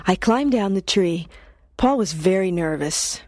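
A woman narrating a story in the first person in a clear, expressive storytelling manner. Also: lowish voice, unhurried, no room sound, studio quality. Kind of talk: audiobook narration.

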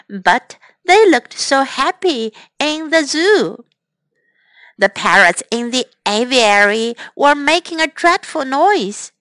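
Woman, kids' english teacher, high lively sing-song, slow, bright, dry close sound. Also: no room sound. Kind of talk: bilingual storybook lesson.

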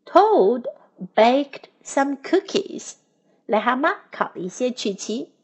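Slow, expressive woman reading a children's story. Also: sits high, breathy edge. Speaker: children's English teacher.

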